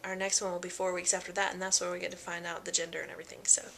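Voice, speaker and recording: A woman's voice: fairly low pitch, level tone, racing, gravelly, a bit bright, a little hiss or hum. A young woman talking casually in a pregnancy vlog, chatty and full of fillers, often acting out what people said. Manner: chatty, many fillers and quoted voices. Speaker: vlogger.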